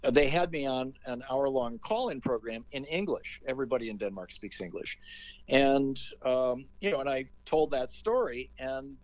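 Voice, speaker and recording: A man's voice: mid-range voice, lively intonation, normal speed, muffled recording. A man, a talk radio host, telling a story in a casual interview and acting out the quotes.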